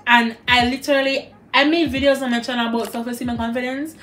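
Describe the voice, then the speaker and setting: High-voiced Jamaican young woman, candid chat. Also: fast talker, a little hiss or hum. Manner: candid, animated, slips into patois. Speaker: guest. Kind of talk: casual chat over a meal.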